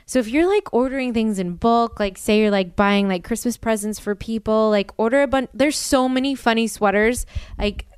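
A woman's voice: fairly high pitch, moderate pace, clean tone, no echo, studio quality. Chatty young woman podcast host. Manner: chatty, filler-heavy with lots of "like". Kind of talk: casual podcast chat with ad read.

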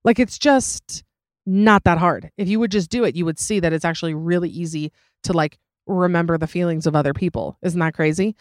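A woman's voice: fairly low pitch, quick pace, a little mellow. A woman hosting a podcast, chatting casually and giving advice, rambling with lots of fillers, restarts and giggly asides. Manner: rambling, many fillers and self-corrections. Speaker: podcast host.

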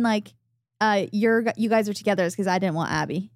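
A woman's voice: medium pitch, fairly even intonation, a little fast, a little mellow, no room sound, studio quality. Young woman reacting on a podcast. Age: young adult. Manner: reactive, gasping and exclaiming. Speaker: podcast co-host. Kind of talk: casual chat.

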